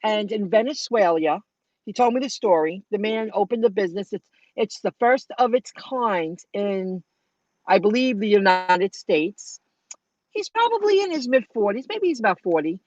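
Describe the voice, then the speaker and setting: A middle-aged woman sits in her car and thinks out loud to her viewers, rambling from one gripe to the next. Her voice comes through dull and muffled, with a dry, close sound and no room echo. She keeps it loose and conversational throughout. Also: mid-range voice, expressive, moderate pace. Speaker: delivery driver vlogger. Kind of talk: casual vlog, talking to live chat. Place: inside a car.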